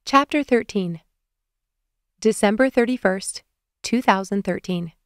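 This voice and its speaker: A woman reads a romance audiobook in a calm, even voice at a middling pitch. The booth is dead dry and the mic is close, so every word is intimate and plain. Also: a little slow, smooth, dry recording. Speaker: audiobook narrator. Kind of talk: scripted romance narration.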